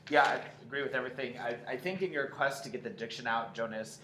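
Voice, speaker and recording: Man giving measured acting notes, roomy echo. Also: mid-range voice. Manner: measured, constructive, agreeing then adding notes. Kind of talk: spoken critique of a scene. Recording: echoey room, faint background noise.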